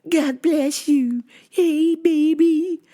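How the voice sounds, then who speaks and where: Woman doing a high, slow, syrupy church lady: clingy and over-sweet. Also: steady tone, warm tone. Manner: slow syrupy sing-song, drawn-out blessings. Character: creepy overfriendly churchy woman customer.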